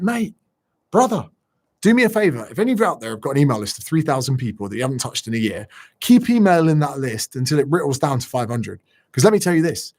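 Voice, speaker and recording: Blunt, sweary business coach. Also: male voice, fairly high pitch, a little mellow. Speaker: business coach hosting a live stream. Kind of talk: casual live-stream Q&A.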